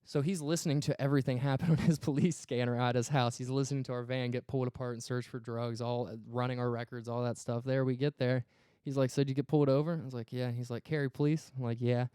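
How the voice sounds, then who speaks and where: A podcast co-host tells a story casually and profanely, acting out the quoted dialogue. He talks fast in a steady, mellow, clear and resonant mid-range voice, recorded cleanly in a studio with no room sound.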